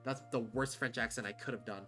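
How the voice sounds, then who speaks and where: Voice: medium pitch, fairly even intonation, brisk, fairly bright tone, faint music behind. A livestreamer chatting casually and bluntly, rambling with many fillers and restarts. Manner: rambling, full of "like" and "um", frequent restarts; candid, blunt, swears casually.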